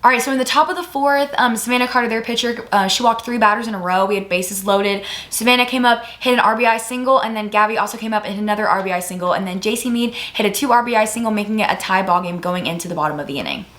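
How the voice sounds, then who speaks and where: A teenage girl talks quickly and animatedly about her softball games. Her voice sits at a middling pitch, and "like" runs through nearly every sentence. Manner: animated storyteller, heavy use of "like". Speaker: guest softball catcher. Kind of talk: casual chat.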